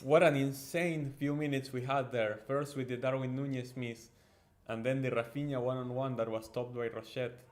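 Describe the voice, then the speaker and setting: A man hosting a football watchalong, giving excitable, chatty live commentary with frequent ums and uhs. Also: mid-range voice, normal speed. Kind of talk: casual live match commentary and chat.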